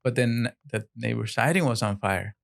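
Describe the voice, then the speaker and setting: A man co-hosting a podcast, telling an animated story in casual chat, acting out quotes and laughing often. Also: mid-range voice, normal speed, gravelly.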